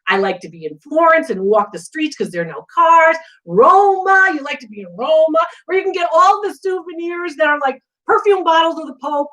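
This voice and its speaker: A middle-aged woman hosting a live antiques Q&A, chatting casually and telling animated stories full of asides. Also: extremely high pitch, fairly quick, hardly any pauses, poor audio. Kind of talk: casual live-stream chat.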